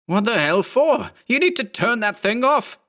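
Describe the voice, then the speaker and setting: A man voicing a panicked, furious balding thirty-year-old man who shouts and swears frantically. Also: sits high, very animated, a little fast, pitched above the performer's own voice, full character voice. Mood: outraged.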